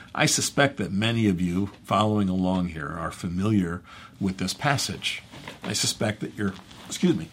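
Casting: low, husky male pastor with a conversational, halting teaching delivery. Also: a bit bright. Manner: conversational, halting, with fillers and self-corrections. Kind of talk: bible teaching.

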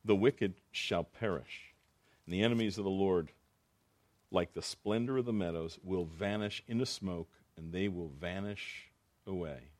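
A very low-voiced man preaching through scripture verse by verse. His talk is loose and conversational, with repeated phrases and restarts as he explains each line. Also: unhurried, a little mellow. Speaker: pastor. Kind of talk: verse-by-verse Bible teaching.

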